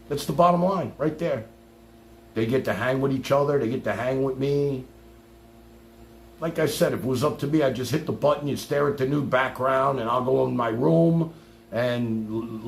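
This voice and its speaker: Gravelly, sarcastic male livestream host. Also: mid-range voice. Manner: sarcastic, profane, combative. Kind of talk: ranting livestream talk. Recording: echoey room with faint hum.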